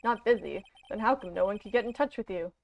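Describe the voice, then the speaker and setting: A woman's voice: mid-range voice, quick pace, gravelly, darkish tone, slight background noise, lightly acted. Girl doing a young lawyer dude, polite, kinda unsure, muffled stream sound. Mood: hesitant. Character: earnest young male defense lawyer. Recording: dull lo-fi stream audio.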